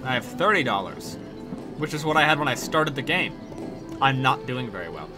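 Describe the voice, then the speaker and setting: A man's voice: mid-range voice, very animated, moderate pace. A man streaming a video game, giving casual commentary full of swearing and exasperated ranting. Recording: game music behind the voice.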